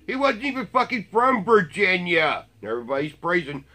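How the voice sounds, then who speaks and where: A man's voice: sits high, sing-song, normal speed, few pauses, pushed and bright. A man ranting in blunt, profane, sarcastic commentary to his viewers. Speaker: vlogger.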